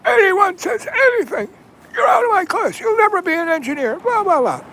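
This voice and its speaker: An older man putting on a furious male teacher who yells in a shrill, high voice. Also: sing-song, moderate pace, gravelly, a little hiss or hum, heavily acted, low-quality recording. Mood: shrieking, furious. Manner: shrill, yelling. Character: furious shrieking male teacher, middle-aged.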